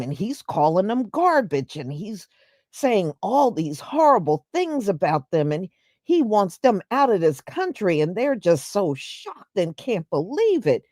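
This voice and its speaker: Slow, lively-pitched woman host. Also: no echo, clean studio sound. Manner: emphatic, repeats her points. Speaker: livestream host. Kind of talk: live commentary to viewers.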